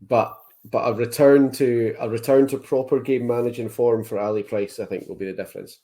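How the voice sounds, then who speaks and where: A man's voice: medium pitch, fairly even intonation, fairly quick, mellow. A man who is a guest on a casual sports podcast, confidently rattling off his opinions.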